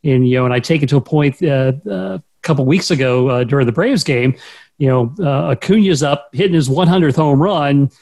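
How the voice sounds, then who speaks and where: A man's voice: medium pitch, brisk, a little mellow. A man hosting casual sports talk, chatty as he leads the segments. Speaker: podcast host.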